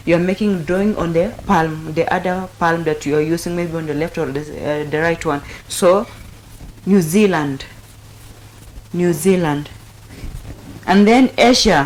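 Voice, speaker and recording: A woman hosting a sign language lesson, calmly repeating each word several times as she explains the signs. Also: fairly low pitch, slight background noise, rough recording. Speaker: sign language teacher and host. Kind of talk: slow step-by-step instruction.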